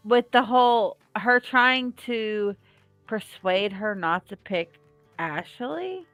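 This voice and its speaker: A woman's voice: mid-range voice, expressive, takes it slowly, fairly bright tone, no echo, faint music behind. A woman co-hosting a casual reality-show recap, opinionated and outspoken, swearing freely. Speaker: podcast co-host.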